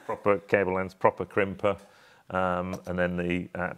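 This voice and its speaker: A man with a lowish voice chats casually as a guest. He explains things plainly, with dry, wry remarks. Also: little pitch movement, moderate pace, clear, resonant tone. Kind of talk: casual chat.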